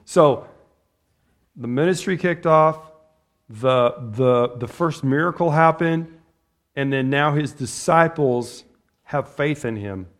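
A man with a fairly high voice preaches in a loose, conversational way. He keeps asking his listeners questions and breaks into laughter as he makes his points. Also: takes it slowly, long pauses. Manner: conversational, asks the audience questions and laughs often. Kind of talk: sermon.

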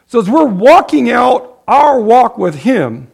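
A middle-aged male pastor preaching in a relaxed, talky way, stumbling over restarts and filler words. His voice sits high and has a gravelly edge. He slips into short acted lines of people praying. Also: takes it slowly. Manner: conversational, many fillers and restarts, acts out prayers. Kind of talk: sermon.

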